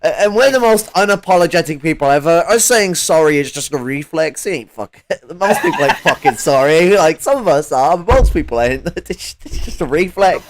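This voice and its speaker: A man's voice: a little high, lively intonation, normal speed, hardly any pauses, no room sound, rough recording. A man in casual chat, rambling, swearing freely and laughing often. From English Midlands.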